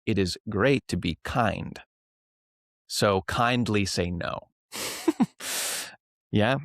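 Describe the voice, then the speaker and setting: A man's voice: lowish voice, drawn-out words, no room sound, studio quality. A young Canadian man, a clown and improv teacher, talking casually in an interview and acting out classroom voices. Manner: animated storyteller, acts out classroom voices.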